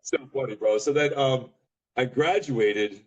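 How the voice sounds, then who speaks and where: A middle-aged man from Pennsylvania, a podcast guest telling a rambling story, with a deep voice and casual slang. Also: highs cut off. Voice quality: deep voice often remarked on. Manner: rambling, fast, says bro and dude.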